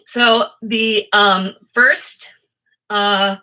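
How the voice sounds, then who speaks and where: Bright-voiced rambling woman reading tarot. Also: mid-range voice, fairly even intonation, drawn-out words. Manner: rambling, easily distracted, giggly. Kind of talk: casual chatty tarot reading.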